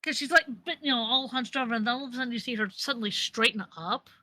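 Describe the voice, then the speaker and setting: A woman narrating as game master of a tabletop game, animated and often laughing. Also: a little high, fast, no room sound. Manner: animated, laughing often, with frequent fillers and restarts.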